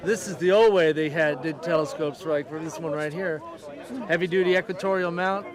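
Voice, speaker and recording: A high-pitched man speaks eagerly about telescopes in an outdoor interview, explaining things with plain enthusiasm. A clear crowd murmurs around him. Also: steady tone, normal speed. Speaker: amateur astronomer.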